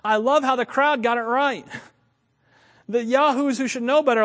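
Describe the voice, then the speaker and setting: A man preaching a sermon, animated, chuckling and repeating lines for emphasis. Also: extremely high pitch, moderate pace. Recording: long reverb of a large hall.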